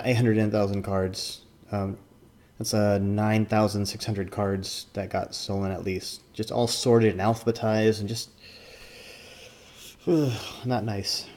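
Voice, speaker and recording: A man's voice: lowish voice, a little mellow. A man and former card tournament judge giving casual commentary, rambling with lots of fillers and restarts.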